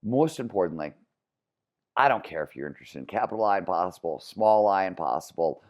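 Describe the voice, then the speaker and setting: Low-voiced Midwestern man, energetic. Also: brisk. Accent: flat Midwestern American. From Cleveland, Ohio, US. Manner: energetic, explanatory, repeats phrases while building points. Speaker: author and guest. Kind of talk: podcast interview.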